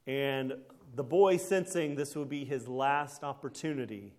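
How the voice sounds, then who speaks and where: A man of middle pitch preaching a relaxed, conversational sermon. His manner is folksy and storytelling. He keeps checking in with the congregation through little tag questions. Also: unhurried.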